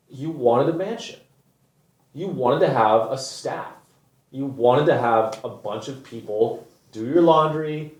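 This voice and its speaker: A man hosting a comedy show, delivering an exasperated, profane rant. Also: medium pitch. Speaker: comedian host. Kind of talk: ranting comedic monologue. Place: studio. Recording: echoey new studio, botched audio.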